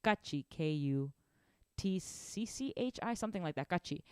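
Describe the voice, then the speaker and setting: A young woman giving a casual drum lesson, animated and rambling, often restarting her sentences. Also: on the low side, moderate pace, clear, resonant tone, dry recording, studio quality. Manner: animated, rambling, self-correcting. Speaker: drum teacher.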